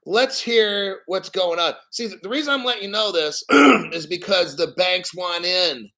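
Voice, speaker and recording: A man's voice: sits high, normal speed, bright, forceful tone. A middle-aged man hosting a crypto channel, ranting casually and bluntly with plenty of swearing and reading out bits of news. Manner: blunt, profane, rambling, reads out news. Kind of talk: casual live stream rant.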